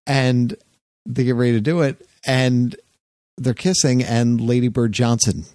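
A man hosting a podcast, chatting casually and retelling an anecdote with lively jumps into quoted voices. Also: measured pace, dry recording. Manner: animated storyteller, jumps up in pitch for quoted voices. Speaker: podcast host.

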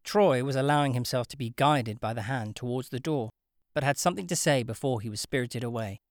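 An audiobook narrator reading a novel in a measured, wry storytelling manner. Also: mid-range voice, dry recording, clean studio sound. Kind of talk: scripted narration.

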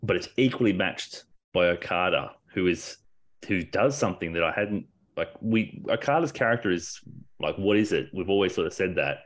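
Low-voiced man in excited casual chat. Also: normal speed. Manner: excited, rambling, restarts often, swears casually. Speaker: podcast co-host. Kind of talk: casual wrestling discussion.

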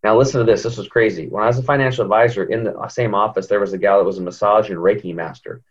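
A low-pitched man tells a story on a podcast, the sound dull and lo-fi. He talks with lively animation and keeps leaping up in pitch whenever he acts out what other people said. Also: fast, slightly rough. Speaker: podcast guest. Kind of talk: storytelling in an interview. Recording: dull lo-fi audio.

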